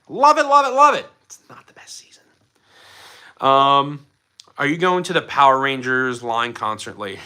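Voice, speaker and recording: With a slightly high, pushed and bright voice, a livestream host from Philadelphia, USA, fields viewers' questions. He chats casually and with enthusiasm, hopping from one topic to the next.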